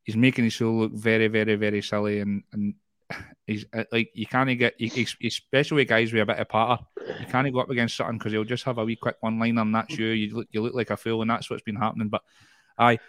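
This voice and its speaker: A man's voice: lowish voice, level tone, quick pace, fairly bright tone, no room sound. Scottish man chatting, dry close sound. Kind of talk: casual chat.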